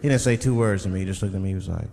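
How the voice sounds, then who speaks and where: A man performing stand-up comedy, telling stories in a wry way and swinging between loud and low delivery. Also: rapid-fire, gravelly, very noisy. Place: theater stage with audience. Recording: live stage mic with crowd laughter.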